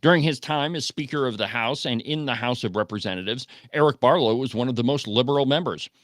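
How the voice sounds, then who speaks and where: A man's voice: medium pitch, fast talker, a bit bright, no room sound, studio quality. A man hosting an opinionated political talk radio show, speaking emphatically and firing off rhetorical questions. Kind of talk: opinionated call-in radio commentary.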